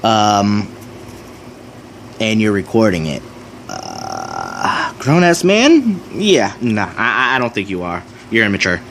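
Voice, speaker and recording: A young man hosting a reaction commentary, sarcastic and crude, swearing constantly and mock-shouting at the clip he is watching. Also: on the low side, sing-song, slow pace, gravelly, slight background noise. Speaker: commentary host.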